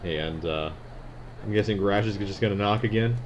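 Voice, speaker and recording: A man running a tabletop game as game master, narrating in a relaxed, rambling way with many fillers. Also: lowish voice, normal speed. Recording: slightly dull recording, faint noise.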